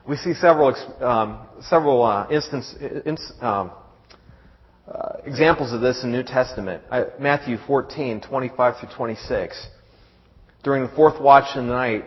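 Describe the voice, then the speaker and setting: A middle-aged man preaches a sermon, stopping and restarting his words and reading verses aloud. His voice sits at a middle pitch. The sound is dull, with a long reverb from a large hall. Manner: halting, repeats words, reads scripture aloud.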